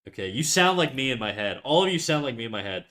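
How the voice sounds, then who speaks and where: A man's voice: mid-range voice, sing-song, quick pace, fairly bright tone. Young Canadian male streamer with a Canadian accent, casual and profane, talking to chat while drawing. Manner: loose, joking, swears often. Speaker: live-streaming artist.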